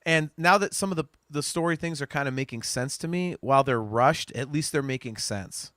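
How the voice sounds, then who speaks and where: A podcast co-host chats casually in a fairly high, slightly bright voice at a brisk clip, rambling, restarting sentences and swearing freely. The recording is clean studio sound with no echo.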